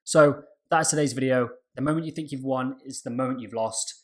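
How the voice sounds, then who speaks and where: A man's voice: medium pitch, a little fast. A man talking to camera as a trading vlogger, giving an emphatic motivational talk that keeps repeating mantras and checks in with "okay?".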